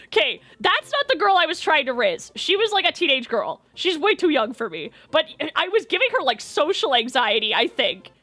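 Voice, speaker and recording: A woman's voice: high voice, sharp tone, dry recording. A young woman streaming, telling a rambling story in a chatty, self-deprecating way and laughing often.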